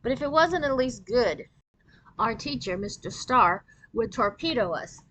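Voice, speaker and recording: A woman reading a children's novel aloud in an expressive storytelling voice. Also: on the high side, measured pace, slight background noise, poor audio.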